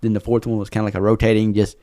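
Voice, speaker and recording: Quick, chatty male podcast co-host with a lowish voice, loose and filler-heavy. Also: flat delivery, mellow. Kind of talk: casual chat.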